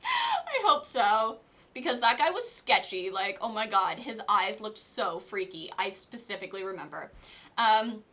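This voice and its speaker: A young woman streamer casually telling a storytime to her chat, chatty and animated, full of "like" fillers and laughter. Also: medium pitch, moderate pace. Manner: answers live chat.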